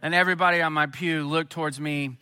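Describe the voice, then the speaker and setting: A man from Missouri preaching a sermon, telling a personal story and then building to an emphatic, lively appeal. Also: on the high side, quick pace, clear, resonant tone. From Missouri, USA. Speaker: pastor.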